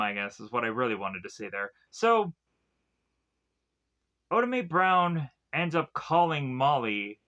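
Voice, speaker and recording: A film reviewer with a fairly high, bright, edgy male voice recaps a movie's plot in a loose, rambling manner. He relies on filler words and keeps restarting as he walks through one scene after another. The whole thing sounds casual and unscripted.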